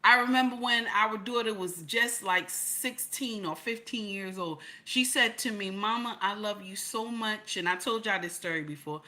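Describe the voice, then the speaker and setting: A middle-aged woman talking casually to her viewers, emphatic and repetitive, building to loud peaks. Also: medium pitch, normal speed, hardly any pauses. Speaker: channel host.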